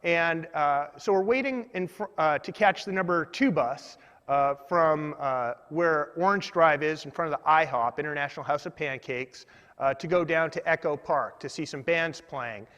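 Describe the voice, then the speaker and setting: Man, comic storyteller, meandering and deadpan, fairly high voice, reverberant hall. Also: normal speed, highs cut off. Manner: meandering, self-deprecating, deadpan asides. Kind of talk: comedic personal storytelling.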